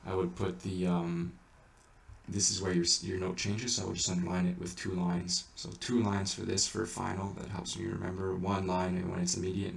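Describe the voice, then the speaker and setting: In a low, gravelly voice, a man casually teaches how to chant, patiently explaining it in small steps. The mic is distant in an echoey room, with faint ambience in the background.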